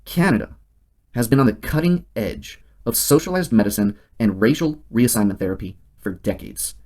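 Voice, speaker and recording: A man hosting a scripted satirical monologue and delivering it in a deadpan, mock-serious way. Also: lowish voice. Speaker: host.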